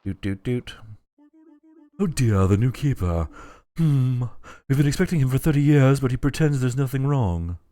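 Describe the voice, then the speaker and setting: A man's voice: mid-range voice, expressive, normal speed, mellow, no echo, close to an everyday voice. A man voicing a weary, pompous older bishop in a video game, with a sighing, condescending manner.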